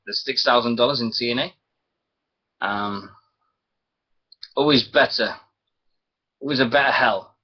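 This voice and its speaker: A man's voice: medium pitch, husky. Rambling man, lo-fi internet radio. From Britain. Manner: rambling, chuckling, loses his thread. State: sore throat. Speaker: wrestling radio host. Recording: dull lo-fi stream audio.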